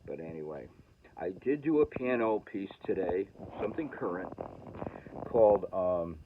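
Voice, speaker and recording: A man's voice: low-pitched, lively intonation, moderate pace. A man from New England rambling in a casual self-mocking monologue, with many hesitant fillers. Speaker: vlogger. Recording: tinny, lo-fi, noisy.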